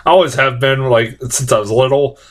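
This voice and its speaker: A man's voice: mid-range voice, brisk. A young man giving a casual, rambling movie review that is full of swearing. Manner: animated, profane, rambling.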